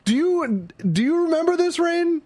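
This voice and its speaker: A man co-hosting a casual podcast chat, animated and swearing, with frequent big laughs. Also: very high-pitched, normal speed, no room sound, studio quality. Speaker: podcast co-host.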